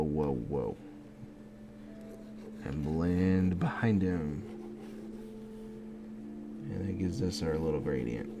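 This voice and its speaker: A man casually rambling at midnight as he draws, sleepy and yawning, talking half to himself. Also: sits low. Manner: relaxed, rambling, muttering to himself. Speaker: video creator drawing. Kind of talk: casual late-night drawing chat. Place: home art setup at night. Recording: noticeable background noise.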